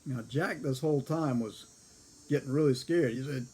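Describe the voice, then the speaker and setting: A man's voice: medium pitch, moderate pace, darkish tone, husky. An older man in his seventies casually telling a rambling personal story, chuckling often and correcting himself as he goes. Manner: chuckles often between lines.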